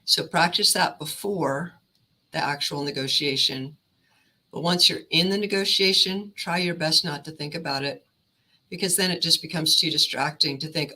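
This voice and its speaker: Bright-voiced woman coaching on pay. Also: sits low, normal speed, low-quality recording. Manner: steady, instructive delivery. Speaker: career counselor. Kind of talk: presentation.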